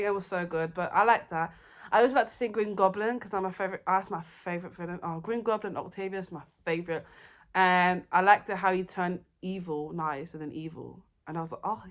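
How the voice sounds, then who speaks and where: A young woman, chatting excitedly and rambling through her favourite movies in a casual vlog. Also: lowish voice, brisk. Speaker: vlogger. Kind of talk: casual movie review chat.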